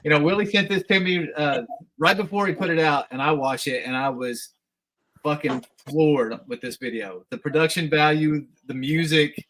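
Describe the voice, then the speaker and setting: A man's voice: fairly high pitch, moderate pace, fairly bright tone, slight background noise, low-quality recording. A man hosting a live talk show, chatting casually and praising his guest with enthusiasm. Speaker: host. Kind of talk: casual chat.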